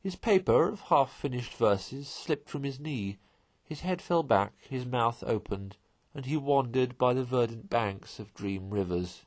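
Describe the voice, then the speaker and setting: A man narrating a classic children's novel aloud in a measured, expressive way. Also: mid-range voice, dry recording. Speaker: storyteller.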